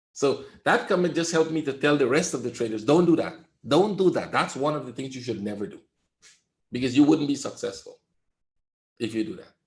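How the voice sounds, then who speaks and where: Male trading coach, lecturing bluntly on a webinar, echoey room sound. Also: medium pitch. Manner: lecturing, blunt, repeats "right?".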